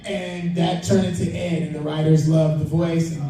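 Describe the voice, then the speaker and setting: A man from Chicago, a panel guest actor, telling stories at a comic con Q&A, animated and laughing, with loud shout-outs. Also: on the high side, normal speed. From Chicago, United States. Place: large convention hall. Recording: echoey hall, taped from far off.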